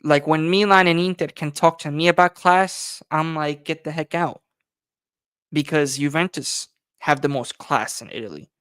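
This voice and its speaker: A man hosting a relaxed livestream, talking in a loose, rambling way, full of slang and filler words. His voice is smooth and clear at a middle pitch. The sound is close and dry, with no room echo. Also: moderate pace. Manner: slangy, rambling, heavy on "you know" and "bro". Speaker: fan channel host. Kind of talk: casual livestream chat.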